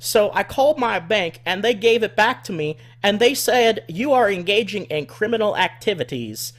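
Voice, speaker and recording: A man voicing a flustered redneck woman caller with an Arkansas accent, talking slowly and accusingly and repeating herself. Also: high voice, lively intonation, a bit bright, voice pushed up. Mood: insistent.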